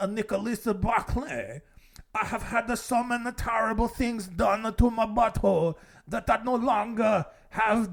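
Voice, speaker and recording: A man's voice: high voice, vocal fry, heavily acted. A man voicing a young male impostor who speaks in a stilted, mock-formal and theatrical way.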